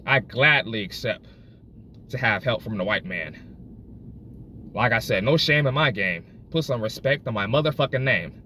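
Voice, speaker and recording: A man's voice: medium pitch, lively intonation, moderate pace, pauses often. A man playing a brash, crude, self-satisfied working man in a comedic character monologue, profane and taunting, recorded on a phone in a car. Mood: boastful. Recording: loud car and road noise.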